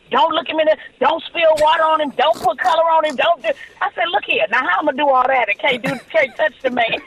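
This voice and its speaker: A woman in her forties tells her story as a podcast guest, slipping into each person's voice as she quotes them. Her voice sits very high, and the recording sounds dull and lo-fi. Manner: animated storyteller who acts out quoted dialogue.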